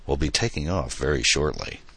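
A man doing a calm, deadpan alien pilot. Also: extremely low pitch, moderate pace, husky, no echo, heavily acted. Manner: formal, deadpan.

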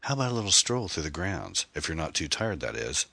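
A man voicing a charming, secretive man who talks smoothly and evades questions in an audiobook. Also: low-pitched, sing-song, brisk, pushed and bright, no echo, heavily acted. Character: charming, secretive man showing off his house.

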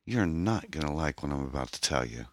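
A man voicing a troubled young woman, an orphan who talks in a hesitant, halting, pained way. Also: a bass voice, expressive, no room sound, studio quality. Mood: guarded, pained.

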